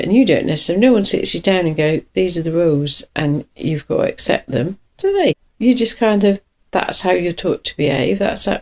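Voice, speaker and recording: A woman chats through a tarot reading from her couch at home. Her voice sits a little low yet leaps up and down with lively swings of pitch. She rambles, laughs often and corrects herself mid-sentence. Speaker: tarot reader. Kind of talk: casual tarot reading to camera. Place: cosy couch corner at home.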